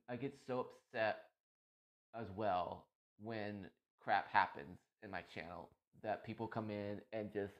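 A man's voice: medium pitch, dull audio. A man talking about his day as a streamer in a casual, emotional, rambling monologue full of restarts. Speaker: streamer and podcast host.

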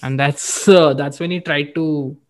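Man, Indian English accent, slightly higher voice, casual cricket chat, drops into Hindi mid-sentence, animated storyteller. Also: measured pace. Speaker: podcast co-host.

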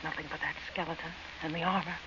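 A frightened young woman huddles by a dark well, voiced by an actress, speaking in a hushed, uneasy voice. It is a 1940s radio play heard through a hissy old recording, with her voice set a little back from the mic. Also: low-pitched, flat delivery, fast, lo-fi sound, lightly acted. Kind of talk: 1940s radio drama acting.

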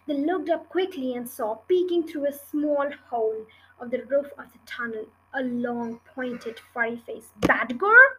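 A woman reading a children's book chapter aloud in an earnest, steady way. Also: high voice, unhurried, slight background noise, rough recording. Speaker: storybook reader.

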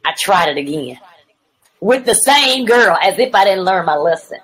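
Woman evangelist, podcast guest, husky tone, mid pitch, animated testimony with acted-out dialogue. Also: moderate pace, poor audio. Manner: vivid storytelling, acting out quoted dialogue; addresses the host as "woman of God".

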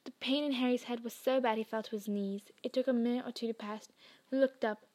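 A woman reading a novel aloud in a slow, hushed storytelling manner. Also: on the high side, fairly even intonation, no echo. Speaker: reader.

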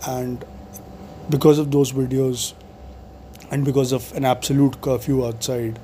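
A man's voice: mid-range voice, level tone, a little slow, mellow, slight background noise. A man in his forties, talking to camera in a meandering monologue full of fillers and restarts. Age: 40s. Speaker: video blogger.

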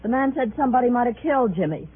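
An actress voicing an anxious, grieving widow who pleads in a shaken voice, in 1940s radio acting. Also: female voice, fairly high pitch, lively intonation, very fast, breathy edge. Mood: pleading. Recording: tinny old radio broadcast.

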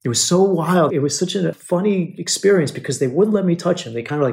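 A man's voice: a little high, fast talker, vocal fry, hardly any pauses, darkish tone. A man hosting a podcast, telling a personal story to his listeners in an emotional, repetitive way and calling them brothers. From United States. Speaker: podcast host.

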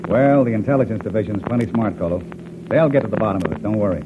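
A man voices a confident hunter hero who talks in a brisk, reassuring way. His voice moves with lively pitch, in 1940s radio-acting style. The old broadcast sounds thin and tinny, with loud hiss. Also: lightly acted.

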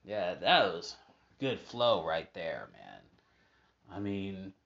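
A man's voice: low-pitched, very animated, extremely slow, creaky, fairly bright tone, lo-fi sound. A man casually chatting over old match footage, rambling with many fillers and asides. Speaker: fan commentating on old matches.

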